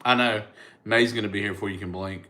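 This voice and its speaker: A man's voice: fairly low pitch, steady tone, fast, pushed and bright. A middle-aged man, a comedian chatting casually on a livestream and answering viewers' comments. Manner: laid-back, chatty, thanks viewers by name.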